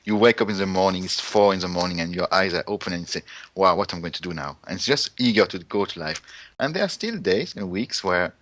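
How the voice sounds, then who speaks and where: A man in casual conversation, speaking earnestly with slightly halting, non-native phrasing. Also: low-pitched, expressive, fairly bright tone, a little hiss or hum. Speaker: co-host.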